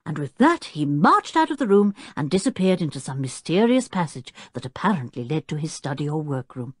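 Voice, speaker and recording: Expressive woman reading a storybook. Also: sits low, a little fast, hardly any pauses, slightly rough, no echo, clean studio sound. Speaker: audiobook narrator. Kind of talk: scripted storybook narration.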